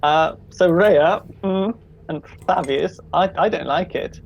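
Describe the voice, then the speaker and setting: A wry, relaxed player at a tabletop game. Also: medium pitch, slow, creaky, dull audio, a little hiss or hum. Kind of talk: casual chat.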